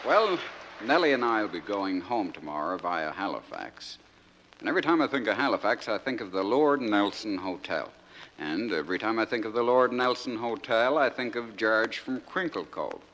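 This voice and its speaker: A man's voice: lowish voice, sing-song, moderate pace, a bit bright, a faint crowd, a little hiss or hum, rough recording. A man entertainer introducing a comic song letter to his audience in a chatty way.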